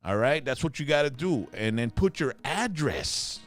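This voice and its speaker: A man's voice: medium pitch, big pitch swings, moderate pace, a bit bright, soft background music. A middle-aged man, co-hosting a casual chat, joking and switching between English and Spanish. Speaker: co-host.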